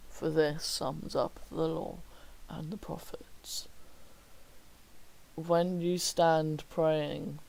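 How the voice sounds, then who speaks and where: A man's voice: a little high, level tone, extremely slow, vocal fry, dark tone, rough recording. A young man reading his homework aloud on a stream, breaking off into wry joking asides. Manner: wry, slips into whispered mock remarks. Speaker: student streamer.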